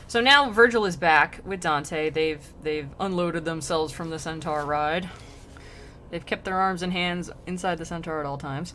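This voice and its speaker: A woman's voice: fairly low pitch, normal speed, sharp tone, slight background noise. A woman on a live stream reading old poetry aloud and retelling it with irreverent, slangy asides, laughing often.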